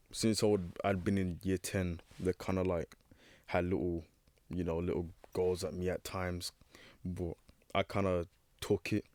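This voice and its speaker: Hesitant low-voiced young man. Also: darkish tone, no echo. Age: teens. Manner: hesitant, filler-heavy, searching for words. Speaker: young guest. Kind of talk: casual personal storytelling.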